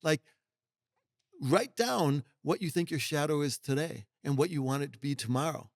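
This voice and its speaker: This executive mentor, middle-aged and appearing as a podcast guest, is emphatic and down-home, sometimes acting out others' remarks. His creaky voice sits on the high side at a moderate pace, with clean studio sound and no room noise.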